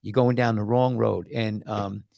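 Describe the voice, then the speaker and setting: Gravelly man hosting a casual podcast. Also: on the low side, a little slow, dry recording, studio quality. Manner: rambling, repeats and restarts words; tells stories with animated quoted voices. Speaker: podcast host and doctor.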